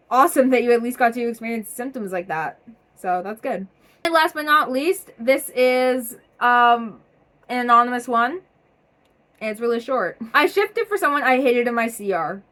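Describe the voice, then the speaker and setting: A young woman vlogger reading viewers' submitted stories aloud in a casual, chatty way, energetic and full of fillers. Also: on the high side, measured pace.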